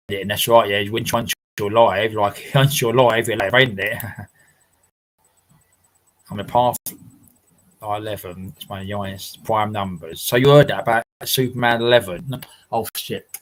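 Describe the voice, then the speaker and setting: A man hosts a casual livestream from his home, rambling through viewer comments with frequent laughter and the occasional swear word. His voice sits on the low side with fairly even intonation, an unhurried pace, and a slightly bright tone, though the recording is rough.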